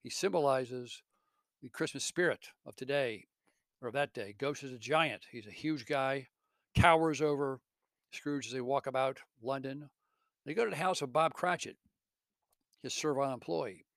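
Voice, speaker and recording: A man's voice: mid-range voice, normal speed, fairly bright tone, no echo. A man earnestly retelling a classic story with commentary and the odd self-correction, like a literature teacher.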